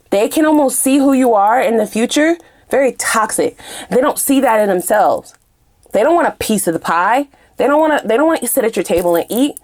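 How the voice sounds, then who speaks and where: A fiery woman tarot reader, swearing as she talks. Her fairly high voice leaps all over the place, dropping low one moment and shooting up the next. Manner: fiery and profane, swinging from low mutters to high shouts. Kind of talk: animated tarot reading.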